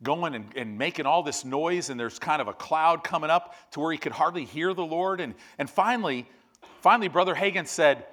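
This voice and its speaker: Animated male preacher telling a story. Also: brisk. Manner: storytelling, swings from loud animated bursts to low quiet emphasis. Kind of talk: sermon.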